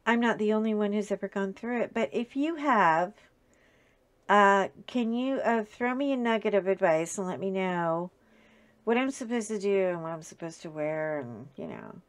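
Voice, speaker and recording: A woman's voice: medium pitch, expressive, moderate pace, no room sound. Chatty middle-aged woman vlogging at home. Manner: chatty, rambling, with many fillers and restarts. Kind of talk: casual chat to camera. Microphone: webcam at desk with ring light.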